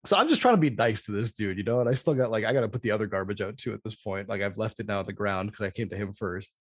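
A man hosting a casual podcast, telling a rambling, profane story in an animated way. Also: on the low side, racing, no echo, clean studio sound.

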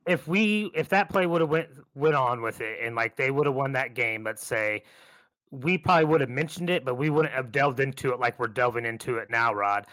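Mid-pitched guy talking sports calmly, dry close sound. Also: fairly quick, dry recording. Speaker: podcast co-host. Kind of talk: sports podcast banter.

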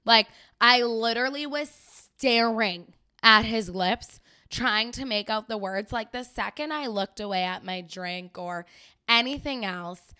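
A woman's voice: a little high, measured pace, sharp tone, smooth. A young woman, hosting a podcast and telling a story casually, chatty and sarcastic, laughing often. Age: young adult. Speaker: podcast host.

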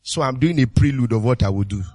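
A man preaching a sermon as pastor, exuberant and full of repeated calls and sudden shouts. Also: medium pitch, fast.

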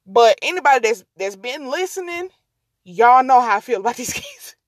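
Speaking in a sing-song way at a moderate pace, this slightly high-voiced woman hosts a casual podcast alone. She tends to ramble and lose the thread, addresses her audience as y'all, and is recorded close and dry with no echo of the room.

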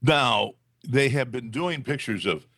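A man co-hosting a casual political talk show, animated, with mocking asides. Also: mid-range voice, slow, no echo, studio quality. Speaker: podcast co-host.

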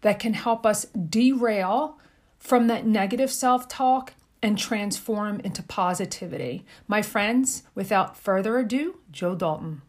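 A woman's voice: mid-range voice, a little slow, darkish tone. A woman hosting a podcast, enthusiastic and effusive as she introduces a guest and asks questions. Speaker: podcast host. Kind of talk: upbeat podcast interview.

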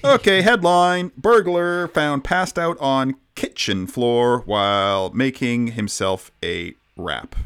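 A man's voice: mid-range voice, slow pace, hardly any pauses, fairly bright tone, clean tone. A man co-hosting a podcast, telling stories in a wry, joking casual chat. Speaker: podcast co-host.

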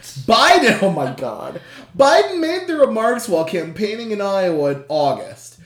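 A quiz host in casual chat, reading questions aloud, laughing often, swearing and reacting with loud dismay. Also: medium pitch, very animated, moderate pace. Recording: roomy echo.

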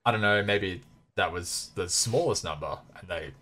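Male podcast co-host, very low voice, analytical, casual. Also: moderate pace, bright, forceful tone. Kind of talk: casual chat.

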